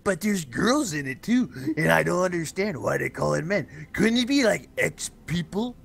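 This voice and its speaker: A man voicing a hunched male servant who talks slowly and deferentially, in a game stream voice chat. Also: sits high, very animated, vocal fry, exaggerated voice. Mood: plodding. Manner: slow, plodding, deferential.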